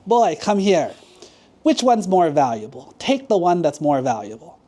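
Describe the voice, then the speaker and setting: A boastful, taunting monkey king, as a man puts him on in a storytelling sermon. The voice rides high and loud, mellow and lively. It mocks with slow, drawn-out words. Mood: mocking. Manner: mocking, loud.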